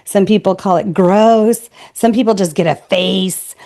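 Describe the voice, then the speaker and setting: A woman's voice: mid-range voice, a little slow, dark tone. Woman, podcast guest, sales trainer, blunt, emphatic, spirited. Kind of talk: podcast interview.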